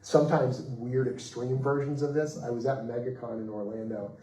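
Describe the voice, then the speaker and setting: A man of middle pitch tells stories on a festival panel, lively and expressive, slipping into the voices of the people he quotes. He sits some way from the mic, and the room around him rings with echo. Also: normal speed, far from the mic. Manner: animated, acts out quoted voices, laughs mid-story. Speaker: comics writer on a festival panel. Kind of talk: anecdotal storytelling on a panel.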